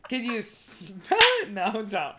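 A woman's voice: mid-range voice, expressive, takes it slowly, over a noisy crowd. A woman comedian co-hosting a podcast, talking casually and bluntly, swearing freely. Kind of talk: casual chat.

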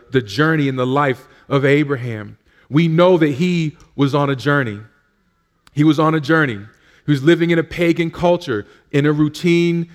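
A man preaching in a church service, telling his own story in a conversational way with frequent fillers and restarts. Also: mid-range voice. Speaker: pastor. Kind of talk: sermon with personal testimony.

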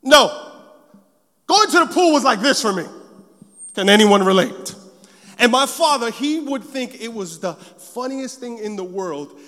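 A man with a very high voice preaches to a congregation. He tells a personal story with lively, acted-out moments. His voice rings with the long reverb of a large hall. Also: moderate pace. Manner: animated storytelling, acting out scenes.

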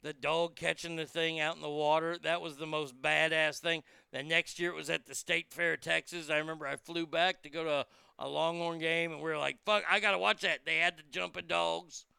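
A man's voice: a little high, little pitch movement, fairly quick, creaky, sharp tone, clear, resonant tone, no echo. A man hosting his own show, rambling casually and chattily with a profane edge. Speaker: host.

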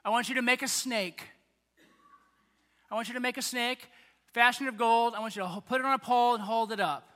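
A man's voice: very high-pitched, steady tone, fairly quick, pauses often, sharp tone. A male preacher voicing a stern, fed-up God giving orders during a sermon, with a long hall reverb. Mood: commanding.

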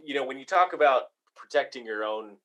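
A man's voice: mid-range voice, expressive, brisk, fairly bright tone, muffled recording, slight background noise. A man co-hosting a casual podcast, talking in a hesitant, wry, teasing way. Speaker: podcast co-host.

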